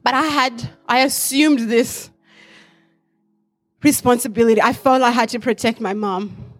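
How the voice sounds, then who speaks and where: A woman's voice: fairly high pitch, fairly even intonation, unhurried, faint music behind. A woman in her forties, raised in Africa, giving an earnest personal testimony to a church congregation, reflective with light laughs.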